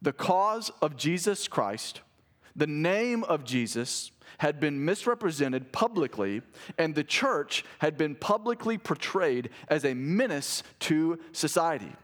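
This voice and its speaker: Guy preaching a sermon, chatty and animated, jokes on the side. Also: a little high, slow pace. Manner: animated, conversational preaching with asides and restarts. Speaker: pastor.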